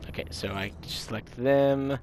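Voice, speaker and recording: A man's voice: mid-range voice, measured pace, darkish tone, slight background noise. Rambling man narrating gameplay. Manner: rambling, self-interrupting, enthusiastic. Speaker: gaming channel host. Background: game music.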